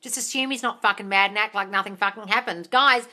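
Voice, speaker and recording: A woman hosts a live Q&A, reading out viewer comments and answering with gushing, excitable energy. Her voice is bright and forceful, and she swears casually and calls everyone darling. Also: medium pitch, quick pace. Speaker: manifestation coach and live-stream host.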